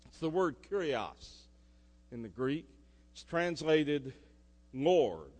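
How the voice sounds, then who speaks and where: A male pastor, preaching a sermon and swinging between loud emphasis and soft asides. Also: on the high side, sing-song, takes it slowly. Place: church sanctuary. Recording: echoey church hall.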